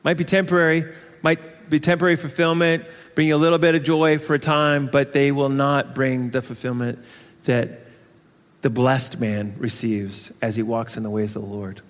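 A man preaching a sermon as pastor, talking in a conversational, animated way and acting out little voices. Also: medium pitch, normal speed, in a large hall. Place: church sanctuary.

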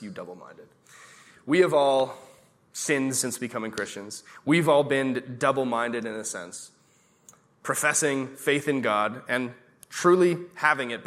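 A man preaching a sermon in a church, quoting verses slowly and asking the congregation questions. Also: medium pitch, a bit bright. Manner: preaching with audience questions, slow emphatic repeated verses. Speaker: pastor.

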